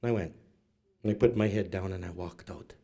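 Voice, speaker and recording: Middle-aged man, comic storyteller, animated, does his family's voices. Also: deep voice, fairly quick, vocal fry, husky. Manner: animated, acts out relatives in quoted voices. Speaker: storyteller at a graduation event. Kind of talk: humorous personal storytelling. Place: event hall.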